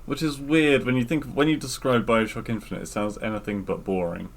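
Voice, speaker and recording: A man's voice: medium pitch, steady tone, fairly quick. A man co-hosting a casual podcast, talking loosely with lots of fillers and some teasing of his co-host.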